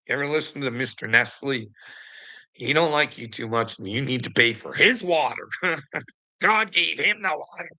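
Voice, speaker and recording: A man's voice: medium pitch, pushed and bright. A man ranting casually, profane and mocking, laughing often between lines. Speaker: online commentator. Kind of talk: casual rant.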